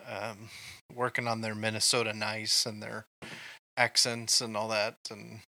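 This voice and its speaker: A man's voice: fairly low pitch, little pitch movement, a little slow, gravelly, pushed and bright, dry recording. A man from Kansas co-hosting a casual movie chat, telling rambling stories with many ums. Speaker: podcast co-host.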